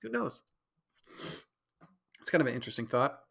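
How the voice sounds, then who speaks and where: A man's voice: medium pitch, sing-song, moderate pace, gravelly, a bit bright, husky. A man hosting a casual solo podcast, rambling and correcting himself, with a slightly stuffy nose. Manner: rambling, self-interrupting, mimics others in raised voice. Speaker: podcast host.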